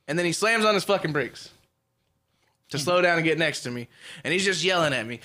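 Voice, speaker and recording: A man's voice: fairly high pitch, fast. A young man telling casual, profane road stories with laughter as a podcast co-host. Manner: profane, animated storytelling with laughs. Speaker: podcast co-host, truck driver. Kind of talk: casual chat.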